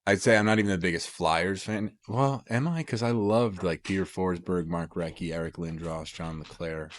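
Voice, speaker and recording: Male podcast co-host, deep voice, rambling casual sports talk. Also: moderate pace. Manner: rambling, lots of "like" and restarts.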